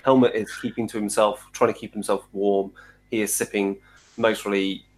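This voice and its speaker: A man narrating as game master in a tabletop role-playing game, often pausing with fillers. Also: lowish voice, flat delivery, low-quality recording. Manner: hesitant, many fillers and restarts.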